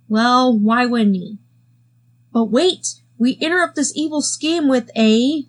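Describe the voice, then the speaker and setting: A video reviewer with a high-sitting, fairly bright voice gives a sarcastic review of a cartoon episode. She's full of wry asides, and faint music plays in the background.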